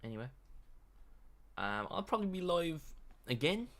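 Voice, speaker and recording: A man's voice: fairly high pitch, very animated, normal speed, fairly bright tone. A man streaming live, reacting and rambling in a joking, self-mocking way. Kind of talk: casual live-stream commentary.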